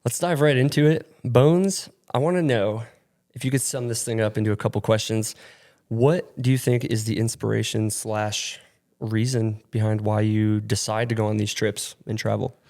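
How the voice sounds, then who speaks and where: A man's voice: lowish voice, steady tone, moderate pace, darkish tone. A young man from upstate New York talks into a studio mic, his voice stuffy and nasal. He rambles easily between topics and leans on fillers. He laughs often as he goes. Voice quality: nasally, congested from allergies. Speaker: podcast co-host. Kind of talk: casual chat. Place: rented studio.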